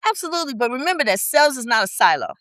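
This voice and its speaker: A woman's voice: sits high, very animated, rapid-fire, a bit bright, no room sound, low-quality recording. A woman business coach talking in a podcast interview, blunt and colloquial, firing off rhetorical questions with emphasis. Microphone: podcast studio mic.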